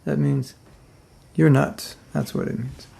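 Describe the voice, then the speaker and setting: A middle-aged man leads a relaxed, funny spiritual class, teasing his listeners and acting out how they react. His voice sits at a medium pitch with flat delivery and a slow pace, carrying vocal fry and a dark tone. He sounds joking and conversational, imitating the reactions of others.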